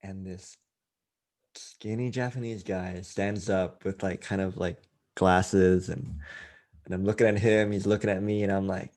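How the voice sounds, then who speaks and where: A man's voice: on the low side, moderate pace, darkish tone. A man, a life coach, telling a self-mocking anecdote in a chatty style, full of fillers and asides. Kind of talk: casual anecdote storytelling.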